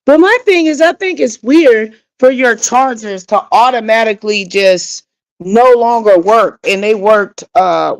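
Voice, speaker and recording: A woman's voice: medium pitch, low-quality recording. A woman hosting a casual livestream, talking straight to her viewers in a frustrated, rambling way. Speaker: livestream host.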